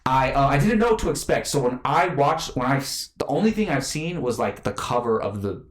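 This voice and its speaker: A man's voice: mid-range voice, big pitch swings, brisk. Rambling man in an echoey room. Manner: rambling, many fillers and restarts. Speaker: podcast co-host. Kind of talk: casual movie review chat.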